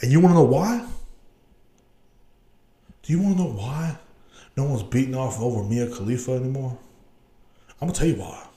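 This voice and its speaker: A man's voice: medium pitch, moderate pace, pauses often, dark tone. Young man, podcast host, profane, rambling, casual rant.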